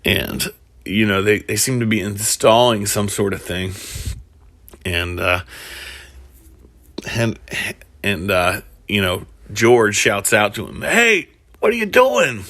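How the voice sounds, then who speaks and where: A man's voice: fairly low pitch, fairly even intonation, takes it slowly, pauses often, fairly bright tone, no room sound. A man casually retelling a film plot as a comedic storyteller, rambling with many fillers and restarts.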